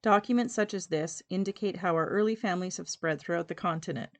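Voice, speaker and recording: A woman hosting a local community show, reading local history and an old newspaper clipping aloud in a measured, steady way. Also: on the low side. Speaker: community podcast host.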